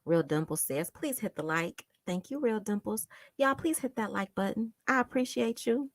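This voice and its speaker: A woman hosting a casual live stream, reading viewer comments aloud and speaking with emphatic, impassioned repetition, sometimes sinking to a hushed near-whisper. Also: medium pitch, moderate pace, no room sound, studio quality. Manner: impassioned and emphatic, repeats phrases for stress; drops to a hushed near-whisper when moved. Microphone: home desktop setup with monitor.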